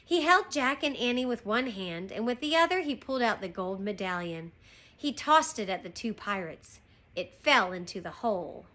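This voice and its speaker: A woman teacher reading a chapter book aloud to her class, slow and expressive. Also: medium pitch. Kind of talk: storybook read-aloud.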